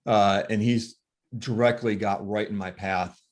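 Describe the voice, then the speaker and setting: Soft-spoken, low-voiced grieving father. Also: fairly even intonation. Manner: soft-spoken, halting, with many fillers and pauses. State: worn and tired. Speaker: grieving father telling his story. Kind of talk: emotional personal storytelling.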